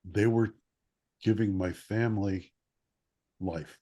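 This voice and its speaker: A man telling a childhood story in casual conversation, animated and acting out quotes, with occasional coughs. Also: on the low side, slow pace. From Chicago area. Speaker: guest, former newspaper columnist.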